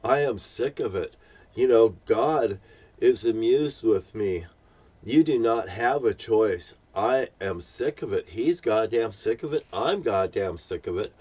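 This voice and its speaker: A man's voice: fairly low pitch, animated, unhurried, darkish tone, slightly rough, recorded from a distance. A man ranting angrily to the camera, swearing constantly and repeating himself. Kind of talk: angry profane monologue to camera.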